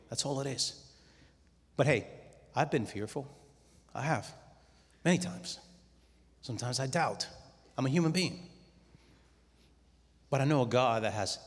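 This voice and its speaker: A middle-aged man giving a testimony talk to a conference audience, telling his story in a lively way and acting out his own quoted words. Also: medium pitch. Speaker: conference speaker. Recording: long hall reverb.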